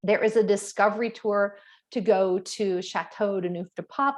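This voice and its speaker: A woman's voice: medium pitch, fairly even intonation, normal speed. A middle-aged woman, a travel agent, giving a casual, rambling presentation to clients, with fillers and frequent self-corrections.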